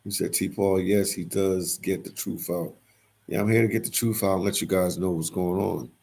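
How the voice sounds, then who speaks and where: A man's voice: sits low, fairly even intonation, moderate pace, vocal fry, a little mellow, breathy edge. A man hosting a casual livestream, reading viewers' comments aloud and answering them, often repeating his phrases.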